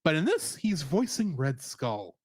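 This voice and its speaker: A man with a high, very lively voice co-hosts a casual review podcast. He talks animatedly and laughs often. The sound is dry and close. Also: unhurried, husky, no echo. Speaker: podcast co-host.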